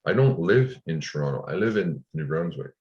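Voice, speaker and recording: Deep-voiced indignant man, lo-fi audio. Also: sing-song, a little fast, roomy sound. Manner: indignant, frustrated. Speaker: interview guest. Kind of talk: recounting a personal ordeal in an interview. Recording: dull lo-fi audio.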